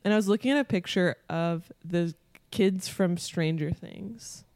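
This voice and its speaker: A woman's voice: on the low side, measured pace, darkish tone, dry recording. A woman in her twenties telling a story in casual chat, rambling with many fillers.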